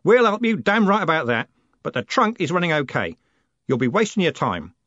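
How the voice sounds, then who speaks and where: A man voicing a gruff, blunt coachman who growls and teases, in a dry, slightly muffled recording. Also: fairly high pitch, very animated, brisk, fairly bright tone, no echo, voice pushed up. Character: gruff burly male coachman, blunt and wry.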